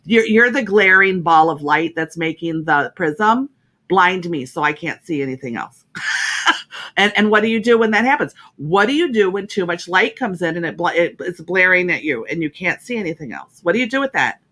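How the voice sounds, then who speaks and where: A woman's voice: lowish voice, lively intonation, normal speed, bright, forceful tone. Woman radio host, heartfelt motivational talk, emotional and emphatic delivery with lots of repetition. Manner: emotional, emphatic, repeats herself.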